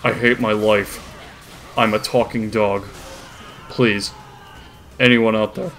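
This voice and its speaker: A man voicing a miserable, grumbling male cartoon dog in a low, gloomy mutter. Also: level tone, takes it slowly, fairly bright tone, soft background music. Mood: despairing.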